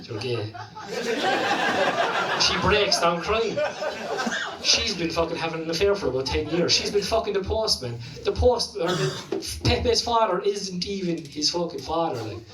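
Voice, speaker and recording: A man's voice: sits high, animated, moderate pace, hardly any pauses, reverberant, far from the mic, a loud crowd, poor audio. A man with a Limerick Irish accent doing a stand-up comedy set, rambling through sweary stories full of "like" and "you know". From Ireland. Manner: profane, rambling storytelling with lots of "like". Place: comedy club stage.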